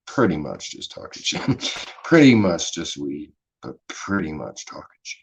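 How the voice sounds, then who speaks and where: A man's voice: a bass voice, sing-song, measured pace, creaky, breathy edge, low-quality recording. A man with a Philadelphia accent hosting a casual livestream chat, rambling and swearing freely in a laid-back way. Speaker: livestream host.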